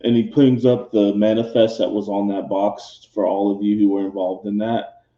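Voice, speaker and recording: A man narrating as game master of a tabletop game, in relaxed, lively storytelling. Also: fairly low pitch, moderate pace, reverberant, muffled recording.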